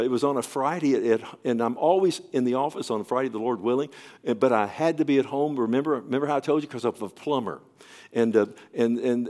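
A middle-aged male pastor preaching a sermon, telling a story with acted-out dialogue, swinging from emphatic, raised delivery to hushed near-whispers. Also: on the high side.

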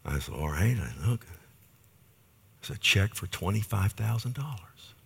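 A middle-aged male pastor telling a personal story in a sermon, animated, swinging from loud bursts to hushed near-whispers. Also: fairly low pitch, measured pace, vocal fry, breathy edge.

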